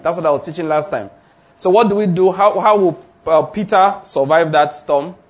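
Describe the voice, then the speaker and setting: A man delivers a sermon in a husky, somewhat high voice. He is emphatic, throws questions to his listeners, and repeats declarations for weight. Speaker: preacher.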